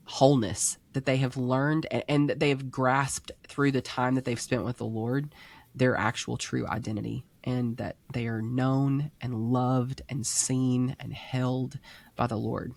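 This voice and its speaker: Gravelly-voiced woman, gushing and animated. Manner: gushing, animated, acts out voices in high pitch. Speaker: podcast host and author being interviewed. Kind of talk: casual Christian chat.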